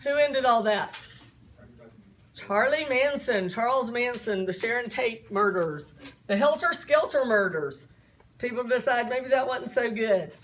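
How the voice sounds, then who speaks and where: Middle-aged woman, high voice, chatty teacher who tells stories and quizzes the class. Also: lively intonation, unhurried, slight background noise. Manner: chatty, storytelling, asks the class questions.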